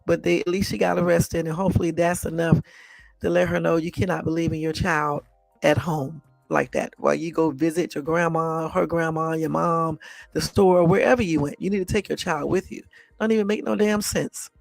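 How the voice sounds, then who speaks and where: Woman host, casual live commentary, exasperated and blunt, gravelly voice, dry sound. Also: sits low, fairly even intonation, moderate pace, dry recording, faint music behind. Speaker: channel host.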